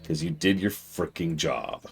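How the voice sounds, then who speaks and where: A man streaming a game, commenting live and exasperatedly scolding the characters on screen, switching between loud outbursts and low muttering. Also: measured pace, slightly rough, faint music behind.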